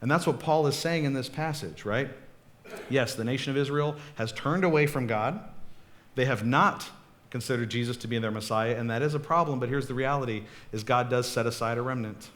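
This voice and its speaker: Chatty pastor preaching a casual sermon. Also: male voice, mid-range voice, brisk, fairly bright tone. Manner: chatty, checks in often with "okay?" and "right?".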